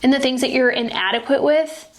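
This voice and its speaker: A young woman in her twenties speaks with a slightly high voice. She tells a personal faith story as a podcast host, chatty and earnest, with 'like' in nearly every phrase. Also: fairly even intonation, fairly quick. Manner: chatty, filler-heavy, frequent 'like'; earnest and heartfelt. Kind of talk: casual faith-based storytelling.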